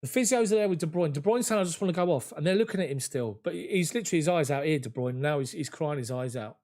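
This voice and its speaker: A man's voice: fairly high pitch, lively intonation, fast talker, darkish tone. A man giving live, emotional, conversational play-by-play of a football match from a fan's point of view, at home. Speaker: fan commentator.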